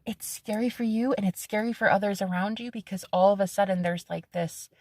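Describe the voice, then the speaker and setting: A woman's voice: medium pitch, no echo, studio quality. Blunt, defiant woman in her thirties. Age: 30s. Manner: blunt, defiant, emphatic, swears freely, repeats phrases; laughs between lines. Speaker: psychic medium. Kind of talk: casual monologue to camera.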